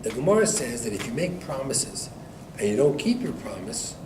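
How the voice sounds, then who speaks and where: A man, a rabbi, teaching a Torah class to students, telling a story with lively acted-out dialogue and frequent laughter. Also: mid-range voice, moderate pace. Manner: animated joke-telling, acting out dialogue, laughs often. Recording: echoey room recorded from far off, noisy.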